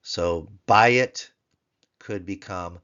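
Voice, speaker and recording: A man teaching a grammar lesson, patiently repeating each word slowly so learners can follow. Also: low-pitched, fairly bright tone, clean tone, highs cut off. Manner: patient, repeats words slowly for pronunciation drill. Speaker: Biblical Hebrew tutor.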